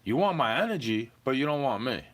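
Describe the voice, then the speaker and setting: In a monologue aimed at the person who wronged him, a young man vents to camera, swearing and calling them "bro" again and again. His medium-pitched voice is sing-song and brisk.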